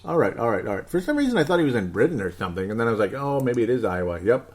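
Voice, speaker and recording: A man in his thirties hosting a casual sports podcast, excitable and rambling, reading out listener comments. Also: medium pitch, rapid-fire. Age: 30s. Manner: hyper, excitable, rambling with laughs. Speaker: podcast host.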